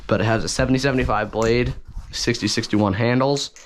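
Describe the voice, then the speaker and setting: A man's voice: medium pitch, fairly quick, a little hiss or hum. A man talking casually through an unboxing and review, rambling and correcting himself as he goes, with enthusiasm. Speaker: balisong reviewer.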